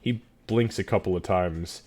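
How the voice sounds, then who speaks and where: A man's voice: low-pitched, normal speed, a little mellow. A man narrating a tabletop game as game master, loose and descriptive with many fillers.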